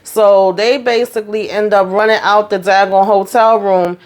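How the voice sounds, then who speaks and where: A woman retells a TV episode in a loose, chatty recap. She keeps slipping into the characters' lines, and her pitch stays lively. Her voice sits at a middle pitch for a woman. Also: normal speed. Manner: animated storytelling, acts out characters' quotes, frequent fillers. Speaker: TV recap host.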